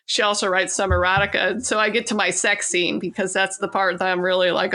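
A woman author from California talks in a relaxed, rambling way as a podcast guest, full of "um" and "you know" and quick laughs. Her voice sounds bright and forward. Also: mid-range voice. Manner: chatty, laughing, many fillers and restarts. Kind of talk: casual interview chat.

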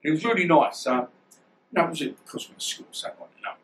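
A man's voice: a little high, fast talker, slight background noise, low-quality recording. Rambling man in his fifties. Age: 50s. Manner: rambling, animated, acts out dialogue, swears. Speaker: guest, former boxer. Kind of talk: storytelling interview.

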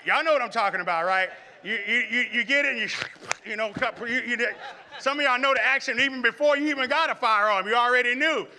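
A man preaching a sermon in church and telling animated stories, often restarting his sentences and throwing questions out to the congregation. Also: very high-pitched, fast talker. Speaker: pastor.

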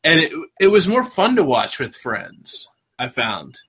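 A man's voice: on the high side, big pitch swings, measured pace, a crowd in the background. A man co-hosting a podcast, chatting casually with a wry, eager manner. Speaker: podcast co-host.

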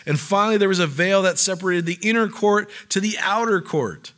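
A pastor delivers his sermon in a fairly high, forceful voice. He talks casually with fillers and asides, then builds to fervent emphasis. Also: a little fast.

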